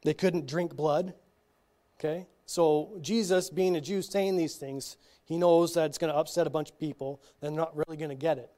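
A man reading scripture slowly at a church teaching, breaking off for casual asides and frequent checks like "okay?". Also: a little high, steady tone, dark tone. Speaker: Bible study teacher.

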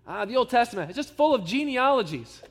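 A pastor with a high male voice delivers a sermon. He speaks in an earnest, emphatic way and keeps drawing the congregation in with rhetorical questions. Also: very animated, fast talker, in a large hall.

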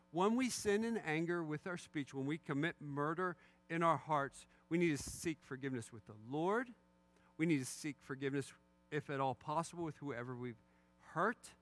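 A man's voice: on the high side, a bit bright. A middle-aged man preaching as a pastor, conversational and candid, with wry asides about his own failings. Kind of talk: sermon.

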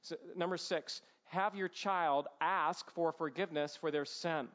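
A man's voice: on the high side, fairly even intonation, a little slow, a bit bright. A man, himself a father, giving an informal, earnest teaching on child discipline, working through numbered points with emphatic asides. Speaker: Christian parent teaching on discipline. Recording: dull lo-fi sound.

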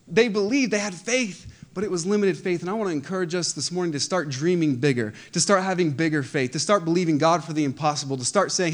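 A man preaching a sermon as pastor, impassioned and repeating phrases as he builds to loud emphatic peaks. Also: a little high, fast talker.

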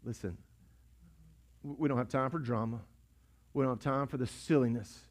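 A male pastor, preaching a sermon in a church sanctuary, building from hushed asides to shouted repeated lines. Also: mid-range voice, moderate pace. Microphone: pulpit mic.

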